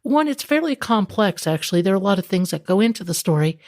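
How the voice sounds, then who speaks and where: A woman's voice: mid-range voice, big pitch swings, fast talker, a little mellow. Woman, podcast host, thoughtful, sums things up, mid-range voice. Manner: thoughtful, summarizing. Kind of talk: conversational podcast interview.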